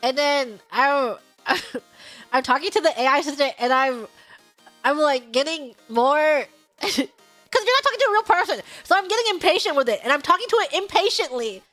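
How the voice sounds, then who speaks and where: A woman streamer telling a story in casual chat, animated and exasperated, with sudden shouted outbursts. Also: high voice, normal speed, faint music behind.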